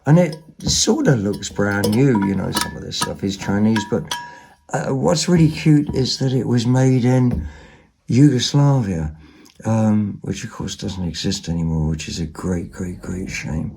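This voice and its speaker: A man's voice: on the low side, measured pace, vocal fry, darkish tone, a little hiss or hum. A man giving a rambling, casual show-and-tell of second-hand finds at home, with lots of ums and asides. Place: home, at a table.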